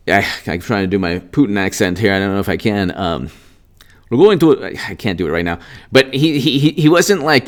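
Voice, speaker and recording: A man's voice: fairly low pitch, animated, normal speed. A man giving unscripted political commentary in a combative, indignant and sarcastic rant.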